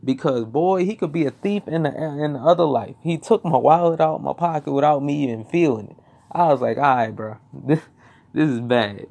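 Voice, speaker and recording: A man's voice: a little high, normal speed, creaky, darkish tone. A young man casually telling a personal story, swearing, rambling and repeating himself.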